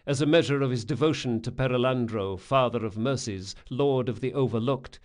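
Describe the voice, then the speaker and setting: A man reading a fantasy audiobook in a measured, descriptive storytelling manner. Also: medium pitch. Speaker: narrator. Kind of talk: scripted audiobook narration.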